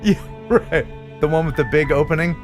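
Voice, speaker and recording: A man's voice: fairly high pitch, normal speed, over music. A man from the United States hosting a live stream from home, chatting casually and cracking jokes. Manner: jokey, animated banter. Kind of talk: casual chat.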